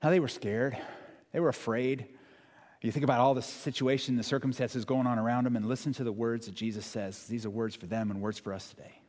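A man preaching a sermon in a church, talking in an animated, conversational way with dramatic emphasis. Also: mid-range voice, fairly quick. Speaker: pastor. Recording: long hall reverb.

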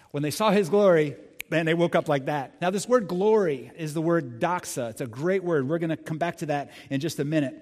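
A pastor delivering a sermon in a lively, conversational way, talking straight to the congregation. His voice sits a little high for a man. A long reverb from a large hall trails behind his words. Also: brisk. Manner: animated, conversational, addresses the congregation.

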